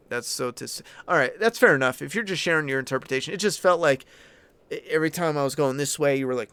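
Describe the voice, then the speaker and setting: A man's voice: a little high, animated, fast talker, fairly bright tone, clean tone, no room sound. A man hosting a casual opinion commentary, answering viewer chat in a blunt, ranting way with frequent swearing. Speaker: channel host.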